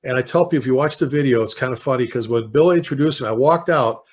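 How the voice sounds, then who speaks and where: Guest: man in his 60s, Chicago accent, animated storyteller, mid pitch. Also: quick pace. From Chicago, United States. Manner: lively storyteller, slips into impassioned rants. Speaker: guest, veteran fire chief. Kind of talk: casual podcast interview.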